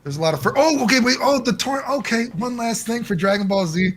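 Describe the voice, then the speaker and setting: A man as the guest in a casual interview over a call, rambling and animated and swearing often. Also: very high voice, quick pace.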